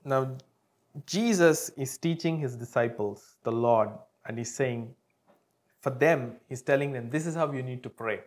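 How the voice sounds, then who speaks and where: A pastor preaching a sermon, telling a testimony and praying, with sudden jumps between loud and soft phrases. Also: male voice, mid-range voice, measured pace. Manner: storytelling with sudden swings in loudness, calling out "come on now".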